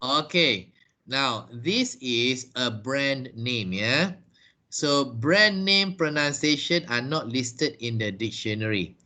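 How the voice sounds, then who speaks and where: A man teaching an online lesson over a video call. He talks slowly, checks in with "yeah?" and "right?", and often repeats and restarts words. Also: medium pitch, expressive, bright, forceful tone. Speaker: English teacher.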